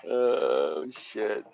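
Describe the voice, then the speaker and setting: A man's voice: fairly low pitch, a little mellow, muffled recording. A man hosting a casual live drawing stream. He rambles profanely and laughs at his own jokes.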